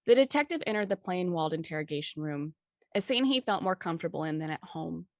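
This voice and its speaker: A woman reads a suspense story aloud in a steady, measured narration. Her voice sits on the low side, and the recording is dry and close with no room sound. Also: dry recording. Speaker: story reader. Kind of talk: scripted narration.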